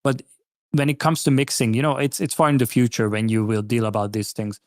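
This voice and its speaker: A man talks through a listener's track in a patient, advising way, full of "you know" and small restarts. His voice sits at an ordinary middle pitch. It is recorded close and dry, with no room sound. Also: flat delivery, a little fast, dry recording. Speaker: guest track reviewer. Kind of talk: casual spoken feedback on a music track.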